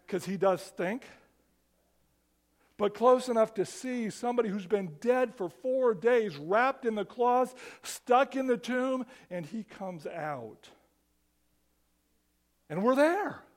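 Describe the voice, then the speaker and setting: A man with a strikingly high voice preaches to his congregation. His delivery is animated and conversational, with repeated restarts as he builds his points. The pacing of a live sermon comes through in how he talks. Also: slow, pauses often. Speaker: pastor.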